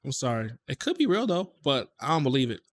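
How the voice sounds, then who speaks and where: A man's voice: medium pitch, huge pitch swings, fast. Casual man reacting in disbelief. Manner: emphatic, repeats himself in disbelief. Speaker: reaction video host.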